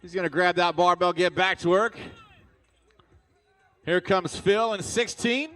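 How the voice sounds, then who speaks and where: A man's voice: high voice, measured pace, fairly bright tone. A man announcing a live arena fitness competition, hyped and cheering the athletes on. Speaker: event announcer. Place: large indoor arena.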